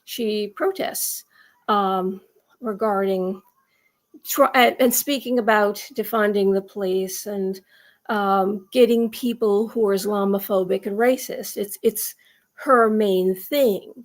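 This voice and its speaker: A woman's voice: medium pitch, fairly even intonation, takes it slowly. A woman from the United States delivering a rambling, emphatic opinion monologue with frequent restarts. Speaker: commentary vlogger.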